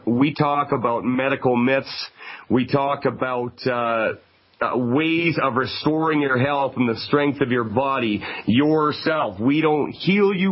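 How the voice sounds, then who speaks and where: A man from Canada hosts a call-in radio show in a conversational, emphatic voice of middling pitch. The sound is dull and lo-fi, like an old radio broadcast. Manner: conversational, emphatic, repeats phone numbers slowly.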